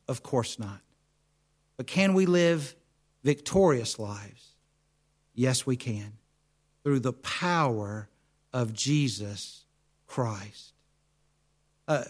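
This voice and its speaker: An American man preaching, asking his congregation questions and answering them himself, then telling a travel story. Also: medium pitch. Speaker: pastor. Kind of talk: sermon.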